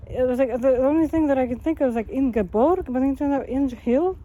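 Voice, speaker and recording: A woman's voice: high-pitched, fast talker, few pauses, dark tone, muffled recording. A woman talking alone to the camera in a wandering monologue, jumping between topics, correcting herself mid-sentence, with many fillers and small laughs. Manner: rambling, jumps between topics, self-correcting. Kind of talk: rambling monologue.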